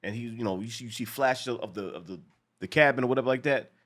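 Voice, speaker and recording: A man co-hosting a casual show reaction, talking in a profane, animated way and acting out lines from the episode. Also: mid-range voice, quick pace.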